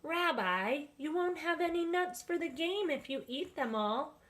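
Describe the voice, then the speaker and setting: A woman reading aloud and voicing an elderly grandmother in a storybook, lifting into a higher, eager character voice. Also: expressive, unhurried, a bit bright. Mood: teasing. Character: spry elderly grandmother playing a game.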